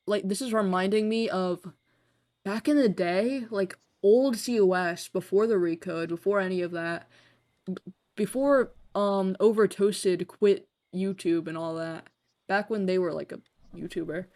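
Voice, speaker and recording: With a mid-range, darkish-toned voice, a young woman chats casually during a gaming live stream. She rambles, leans on fillers, swears freely, and pokes fun at herself.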